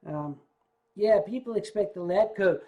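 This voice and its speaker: A man's voice: sits high, a little slow, darkish tone, dull audio. An older man hosting a livestream, tipsy from drinking and rambling along with stammers and swearing. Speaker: livestream host.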